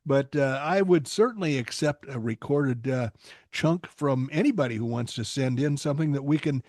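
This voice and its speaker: A man's voice: mid-range voice, moderate pace, a little mellow, no echo, studio quality. An older man hosting a casual podcast, joking wryly and reading news headlines aloud with his own commentary. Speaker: podcast host.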